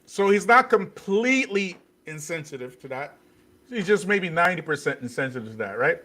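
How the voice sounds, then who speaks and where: A man's voice: on the high side, sing-song, normal speed, bright, forceful tone. A man hosting a livestream commentary, scornful and repeating his points with rhetorical questions. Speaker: host.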